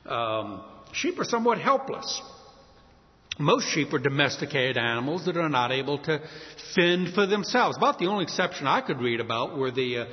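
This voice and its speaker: A man preaching a sermon, his voice somewhat high and swinging widely up and down as he tells homely stories. The sound is a little dull and lo-fi, with a long reverb trailing behind him. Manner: folksy, storytelling, lively pitch.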